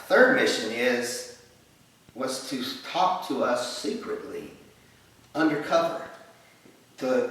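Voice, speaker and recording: A man tells a Bible lesson as a lively story and acts out the lines of the people in it. His voice sits at an ordinary pitch for a man. He is heard from some distance in a very echoey room. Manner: vivid, storytelling delivery with fillers and acted quotes. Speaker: Bible teacher.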